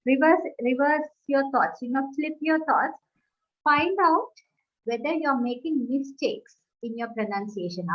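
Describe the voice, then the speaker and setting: A woman co-hosting a webinar on English, giving emphatic coaching advice with "right?" tags. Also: high-pitched. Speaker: webinar co-host, English trainer. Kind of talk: casual educational talk. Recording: dull lo-fi audio.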